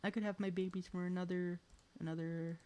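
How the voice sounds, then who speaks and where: A man's voice: sits high, flat delivery, fairly quick, a little mellow. Rambling young man streaming a farming game. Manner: rambling, swears often, laughs between thoughts; talks to a pet and chat while playing. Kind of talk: casual gaming chat.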